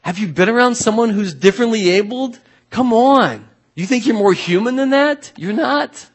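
A man's voice: sits high, moderate pace. A man preaching a sermon as pastor, talking conversationally and emphatically, repeating his key phrases.

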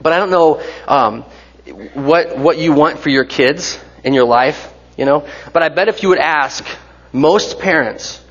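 Pastor guy in his 40s, husky slightly high voice, chatty sermon w/ jokes, big reverby church, kinda dull sound. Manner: conversational, joking asides, rhetorical questions. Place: church sanctuary.

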